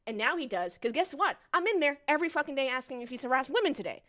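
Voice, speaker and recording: A woman in her thirties hosting a motorsport podcast and live stream, ranting in a casual, profane, animated way. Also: high voice, fast, very noisy. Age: 30s.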